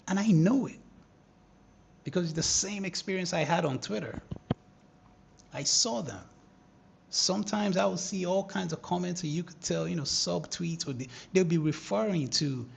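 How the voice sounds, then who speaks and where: Man, trading livestream host, high lively voice, gravelly edge, unhurried delivery, teasing. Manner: animated, teasing, bursts into excited shouting. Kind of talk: live market commentary.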